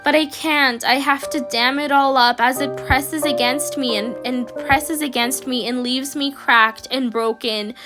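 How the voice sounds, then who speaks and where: A woman narrating a story in the first person, in a soft, halting inner-monologue manner. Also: sits high, steady tone. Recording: music playing behind.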